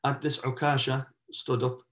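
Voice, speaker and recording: A man's mid-range, fairly bright voice comes at a moderate pace with a flat delivery, though it rises and turns emphatic as he tells a religious lesson as an impassioned story. He is a shaykh who mixes in Arabic religious phrases, and his manner is impassioned, swelling in emphasis with oaths. The recording sounds echoey and roomy.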